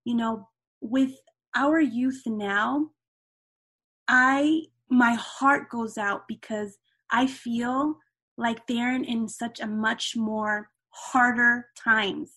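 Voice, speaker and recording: A middle-aged woman chats openly as a guest on an interview show. Her voice sits a little high, and she keeps dropping "you know" between thoughts. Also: steady tone, very slow, bright, forceful tone. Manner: chatty, frequent "you know" asides. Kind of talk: casual interview chat.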